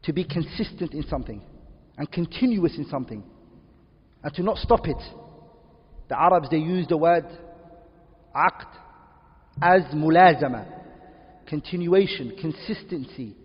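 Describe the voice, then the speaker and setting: A man's voice: a little high, lively intonation, unhurried, pauses often, breathy edge. A man teaching a class, asking his listeners questions and repeating key terms. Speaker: lecturer. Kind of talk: classroom lecture. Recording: dull lo-fi recording in a reverberant hall.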